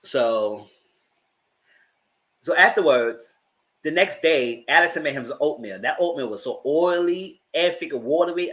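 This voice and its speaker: A man's voice: on the high side, lively intonation, unhurried, long pauses, fairly bright tone. A man hosting a live TV recap, telling the episode's story dramatically with slang asides and heated commentary. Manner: colorful and heated, swears in his commentary. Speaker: TV reviewer and channel host.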